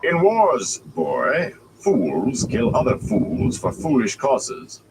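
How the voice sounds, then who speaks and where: A man voicing a grand, scornful old traveling bard with a theatrical, dry and mocking manner, over steady background noise. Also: medium pitch, slow pace, pitched above the performer's own voice, exaggerated voice. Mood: gruff.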